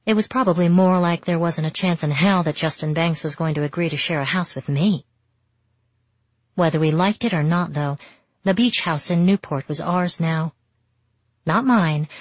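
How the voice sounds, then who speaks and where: A woman with a lowish voice reads a novel in the first person, steady and reflective. The sound is dry and a bit dull, with no room around it. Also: husky, no echo. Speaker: audiobook narrator.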